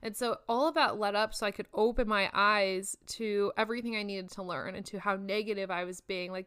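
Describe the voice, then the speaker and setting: A woman's voice: mid-range voice, bright, forceful tone, clear, resonant tone. A young woman in her twenties talking to her viewers in a casual, reflective way, with lots of "like" fillers. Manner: chatty, reflective, frequent "like" fillers. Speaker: vlogger. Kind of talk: casual personal talk to camera.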